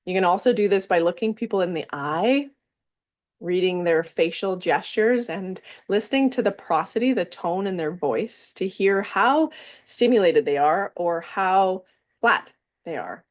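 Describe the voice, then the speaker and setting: Calm and fairly low-voiced, a woman guides a somatic wellness workshop, drawing out some words and pausing between her phrases as she explains.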